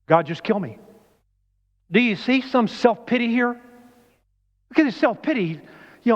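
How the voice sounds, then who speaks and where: A man's voice: sits high, expressive, normal speed, long pauses. Man preaching with questions, echoing church hall. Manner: conversational, asks the congregation questions. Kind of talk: sermon. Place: church sanctuary. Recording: dull lo-fi church recording with long reverb.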